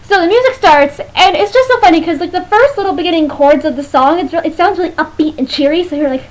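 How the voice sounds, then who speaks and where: A young woman in a casual vlog, reviewing a music video with a chatty, playful manner and animated asides. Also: very high-pitched, quick pace, hardly any pauses, low-quality recording.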